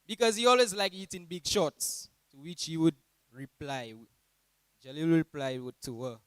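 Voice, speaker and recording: A young man in his late teens with a Saint Lucian accent, giving an animated, humorous graduation speech about his teachers. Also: normal speed, no room sound, low-quality recording. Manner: animated, mimics teachers in high voices.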